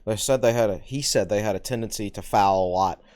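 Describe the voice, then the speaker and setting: Low-voiced, blunt man talking sports. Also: a little fast, darkish tone. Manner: opinionated, blunt, frank. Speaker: podcast co-host, sports analyst. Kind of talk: casual sports chat.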